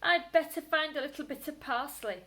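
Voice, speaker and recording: A woman voicing a naughty, easily frightened little boy rabbit in a storybook, with a squeaky, breathless, tearful voice. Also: normal speed, a bit bright. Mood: cheeky.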